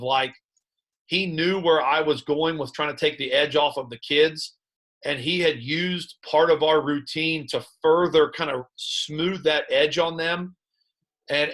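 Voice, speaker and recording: A man who coaches high school football, breaking down game film in conversation and telling animated stories about his players and staff. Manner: animated storyteller recounting sideline moments; plain coaching talk about play calls.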